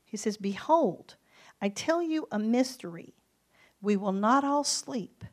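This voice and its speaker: A woman preaching with emphasis, slowing down to read verses aloud. She keeps asking her listeners rhetorical questions as she teaches. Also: on the high side, expressive. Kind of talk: sermon teaching on scripture.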